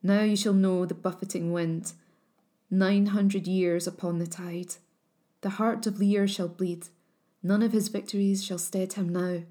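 A woman's voice: medium pitch, steady tone, a little slow, warm tone, lightly acted. A woman reading as a jealous enchantress casting a curse. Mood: prophetic. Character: jealous enchantress stepmother, cursing then remorseful.

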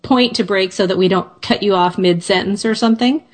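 A woman hosting a talk radio show, smoothly leading into a break. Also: medium pitch, fairly quick, darkish tone.

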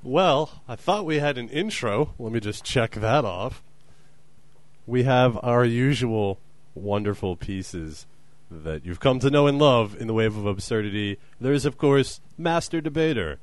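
A man's voice: mid-range voice, expressive, unhurried, no room sound. A young man co-hosting a comedy podcast, dry and exasperated. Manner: theatrical, sing-song intro then dry exasperation. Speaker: podcast co-host. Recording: music bed behind.

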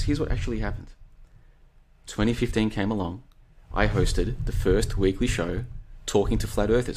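Male solo show host, low-ish voice, loose and rambling, casual chat. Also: a little hiss or hum. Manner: rambling, chatty, digressive; reads out listener comments. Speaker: podcast host.

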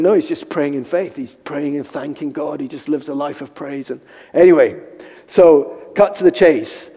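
Man preaching in a reverberant hall. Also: a little mellow. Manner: storytelling, acting out quotes with high squeaky voice for himself. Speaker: pastor. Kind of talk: sermon with personal stories.

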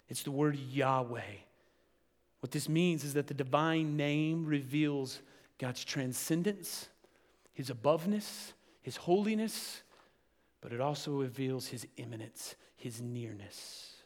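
A male pastor preaching a sermon to his congregation, building to loud, emphatic passages. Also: mid-range voice, big-room sound.

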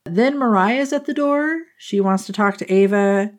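A woman hosting a book podcast, recapping a plot in a casual, animated way and laughing often. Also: mid-range voice, a little slow.

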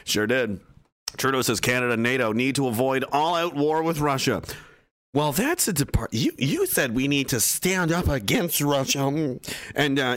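A man's voice: medium pitch, a bit bright, dry recording. A man hosting a livestream, reading viewer comments with mocking, profane sarcasm. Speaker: political livestream host.

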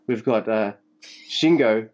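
Animated man in casual podcast chat. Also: lowish voice, slow. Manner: animated, swearing, mock-voices for quotes. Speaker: podcast co-host.

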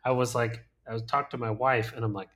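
A man co-hosts a casual movie-review podcast, his mid-range, slightly bright voice level in tone and fast. He rambles along, packing in "like" and "um," and laughs often as he talks.

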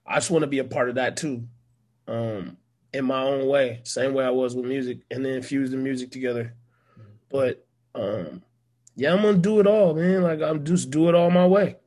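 A man's voice: mid-range voice, steady tone, normal speed, darkish tone. A young man talking in a casual, slangy, laid-back way as an interview guest, with lots of fillers. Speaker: musician and actor guest.

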